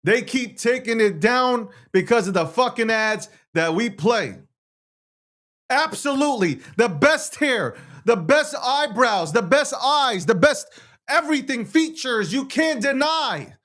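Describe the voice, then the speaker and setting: A man's voice: very high voice, lively intonation, a little slow, fairly bright tone. A man hosting a show, ranting to viewers on a livestream in a brash, profane, boastful way, repeating phrases and firing rhetorical questions. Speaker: show host.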